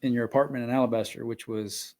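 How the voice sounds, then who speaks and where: A man's voice: mid-range voice, steady tone, fast, mellow. A man hosting a casual podcast, easygoing and asking questions. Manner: easygoing, asks questions, laughs along. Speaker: podcast host.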